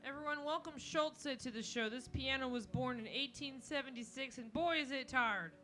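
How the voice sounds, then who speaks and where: A woman's voice: high voice, normal speed, hardly any pauses. A woman hosting a music and comedy show, chatting casually between songs in a joking, self-deprecating way. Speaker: host and musician. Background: guitar playing.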